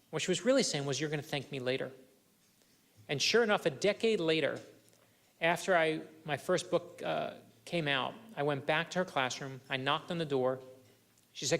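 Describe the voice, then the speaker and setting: A man's voice: on the high side, a little fast, creaky, fairly bright tone. Earnest man telling stories at a luncheon. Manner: earnest, anecdotal, addresses the audience directly. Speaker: guest speaker. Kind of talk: storytelling keynote speech. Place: luncheon event room.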